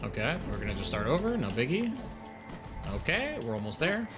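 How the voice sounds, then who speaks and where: A man's voice: medium pitch, sing-song, a little fast. Young guy streaming a game, chatty, voice bouncing all over, music behind. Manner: chatty, reacting aloud to the game and chat. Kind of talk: casual live gameplay chat.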